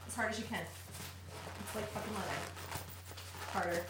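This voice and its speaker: A woman's voice: medium pitch, steady tone, moderate pace, very echoey, recorded from a distance, very noisy. A woman guest on a podcast in casual chat, speaking bluntly and matter-of-factly.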